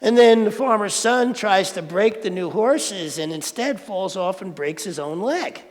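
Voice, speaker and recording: At a spiritual centre, a spiritual speaker gives a conversational sermon, playfully putting questions to the audience. His high voice has lively intonation and a slightly slow pace, echoing in a reverberant hall.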